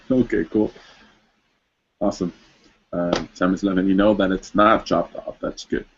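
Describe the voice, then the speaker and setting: A man with a husky, slightly rough voice hosts a casual livestream, chatting loosely and rambling with plenty of filler words. He talks into a webcam on a video call, and the audio comes through dull and lo-fi. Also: deep voice, unhurried. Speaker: host.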